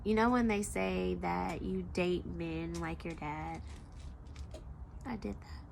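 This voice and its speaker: A young woman talking slowly and emotionally in a personal confessional vlog, reflective, with soft pauses. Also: fairly low pitch, steady tone, vocal fry, slight background noise. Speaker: vlogger.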